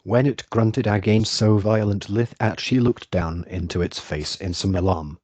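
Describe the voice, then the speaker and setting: Synthetic male narrator, audiobook reading, low voice, dry close sound, even measured delivery. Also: dry recording. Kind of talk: scripted narration.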